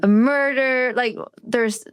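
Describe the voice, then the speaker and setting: A woman's voice: fairly high pitch, steady tone, smooth, no echo. Candid middle-aged woman, dry close sound. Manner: reflective, halting, with restarts. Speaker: podcast co-host. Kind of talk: candid podcast conversation.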